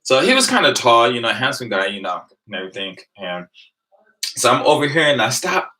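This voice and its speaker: A man, casually telling a rambling, animated story to his live viewers and laughing along the way. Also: mid-range voice, fairly quick, poor audio. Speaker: vlogger on a live stream.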